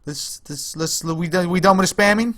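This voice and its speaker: A man's voice: high voice, normal speed, fairly bright tone. A young man chatting casually on a game livestream, stammering and repeating words as he rambles and laughs. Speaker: livestreamer playing a strategy game.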